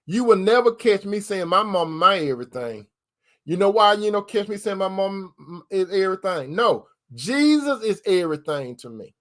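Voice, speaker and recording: A man's voice: sits high, animated, normal speed. A man giving Christian relationship advice in a preaching style, repeating his points with emphasis and calling his listeners brother and sister. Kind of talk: preaching-style talk to viewers.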